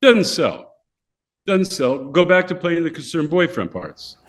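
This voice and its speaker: Older male guest, animated anecdote teller who voices the characters, mid-high pitch. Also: measured pace. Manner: animated, acts out voices of people in his stories. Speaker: podcast guest. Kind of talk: casual storytelling.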